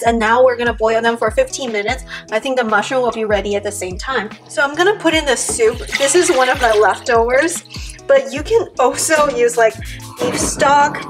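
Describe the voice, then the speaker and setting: An enthusiastic young woman talks casually through a grocery haul and cooking session in her kitchen. Her voice sits a little high, and she stacks up words for emphasis. Background music plays clearly under her talk. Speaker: vlogger. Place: home kitchen. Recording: music playing behind.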